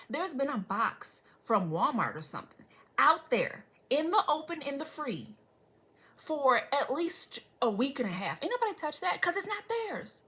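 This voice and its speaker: A woman's voice: high voice, pushed and bright. A young adult woman vlogger telling a story in casual chat, dramatic and sarcastic, swearing freely and asking viewers asides. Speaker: beauty vlogger.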